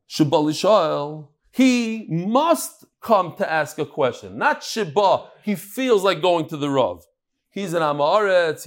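Emphatic man teaching a text-study class. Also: high-pitched. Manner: emphatic, rhetorical, repeats phrases. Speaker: religious studies teacher.

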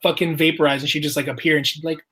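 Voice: mid-range voice, fairly even intonation, rapid-fire, a bit bright, slightly rough. A person telling a casual story, swearing often, laughing and acting out the quotes of others.

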